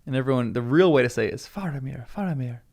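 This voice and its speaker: A man's voice: medium pitch, very fast. An American man reading a fantasy novel aloud for his channel, stopping to muse and laugh in casual commentary. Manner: chatty, laughs often, muses out loud. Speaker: channel host reading a book. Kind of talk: read-along with casual commentary.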